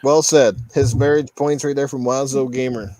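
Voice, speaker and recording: A man's voice: medium pitch, fairly even intonation, moderate pace, dark tone. Easygoing man hosting a gaming podcast. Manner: easygoing, reads chat aloud. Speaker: podcast host. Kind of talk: casual gaming podcast chat.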